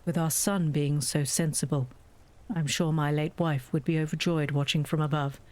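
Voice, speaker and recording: A woman voicing an older widowed father in a game, reading his lines slowly and solemnly. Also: low-pitched, fairly even intonation, a little mellow, pitched below the performer's own voice, natural voice.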